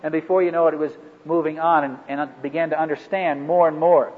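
A man leading a ministry training workshop for a live group, talking in a halting way with many fillers and restarts. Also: a little high, fairly even intonation. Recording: echoey hall over a phone-like line.

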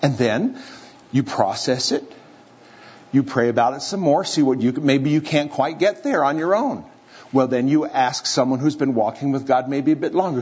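Before a live audience in a church or hall, a preacher delivers a sermon story, playfully acting out its characters' voices. He sounds a little high, a little mellow and husky, expressive, at a normal speed. The audio is slightly dull with faint room noise.

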